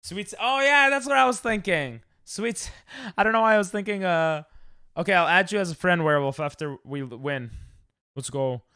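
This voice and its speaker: Young guy streaming, rambly, clear smooth voice kinda high, dry close mic. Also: normal speed, dry recording. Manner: rambling, loud yelps when dying in game. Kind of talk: casual live-stream chat while gaming.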